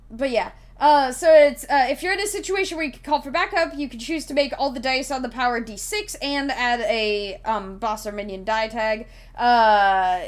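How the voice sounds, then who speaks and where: Streaming live, a woman with a fairly high-pitched voice chats casually and ramblingly with viewers, giggling and using lots of fillers as she explains a tabletop game.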